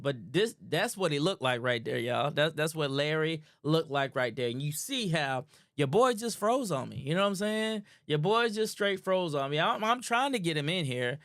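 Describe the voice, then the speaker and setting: A man with a smooth, resonant voice, pitched a touch higher than most men, talks like a hype host warming up a livestream crowd. He loops back over his own phrases and stumbles through restarts, always upbeat. The sound is close and dry. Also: dry recording. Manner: energetic, repeats phrases, ends lines with "man". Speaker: host of a live online show. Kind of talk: casual hyped-up livestream talk.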